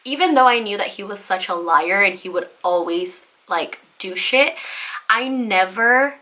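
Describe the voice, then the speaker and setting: A young woman telling a storytime vlog in a chatty, animated way, full of "like" and "you know", and swearing freely. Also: mid-range voice, a little slow. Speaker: vlogger.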